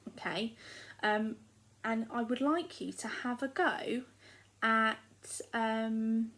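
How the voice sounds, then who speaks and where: High-voiced English teacher addressing small children. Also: female voice, a bit bright, low-quality recording. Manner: slow, clear, encouraging, speaks to small children. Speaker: primary school teacher. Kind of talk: recorded remote lesson for young children.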